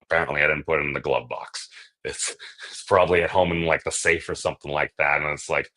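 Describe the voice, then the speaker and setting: A man's voice: low-pitched, lively intonation, a little fast, a bit bright. A man hosting a live stream, telling a rambling story in casual chat with lots of filler phrases. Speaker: livestream host.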